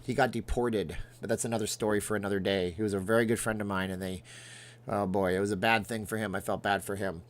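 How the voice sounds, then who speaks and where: A man's voice: lowish voice, steady tone, fast. A man hosting a casual livestream. He rambles between topics and reads viewers' names and comments aloud. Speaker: host.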